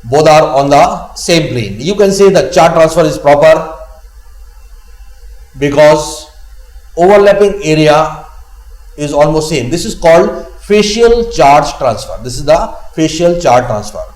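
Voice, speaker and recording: A man with an Indian English accent gives a chemistry lesson in a slow, deliberate way, saying key phrases twice. His voice sits a little high, and the recording has a roomy echo. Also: animated, a little mellow. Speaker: chemistry teacher. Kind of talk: classroom lecture.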